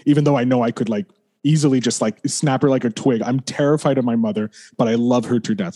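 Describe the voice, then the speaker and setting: A man as a podcast guest, candidly recounting a hard period in a rambling way, full of restarts, and quieter as things get heavy. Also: medium pitch, fairly quick. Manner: rambling, heavy use of "like", frequent restarts, swears and apologizes. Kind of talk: candid personal storytelling.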